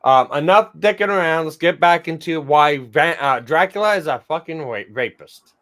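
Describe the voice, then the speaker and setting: A man's voice: on the high side, expressive, normal speed, fairly bright tone. A man hosting a livestream, swearing, laughing and reading chat aloud in mock voices. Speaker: host.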